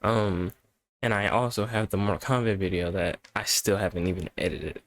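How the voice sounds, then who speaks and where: A young man with a low-pitched voice hosts a casual reaction video from a webcam setup at home, speaking at a moderate pace on a dry recording. He's tired from staying up, and comes across as rambling, profane and laid-back.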